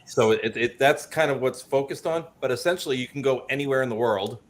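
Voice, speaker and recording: A man's voice: mid-range voice, brisk, slight background noise. A man who created a tabletop game explains it at a convention panel, talkative and full of restarts, with a recurring cough. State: coughing, slightly choked up. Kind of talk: casual convention panel chat.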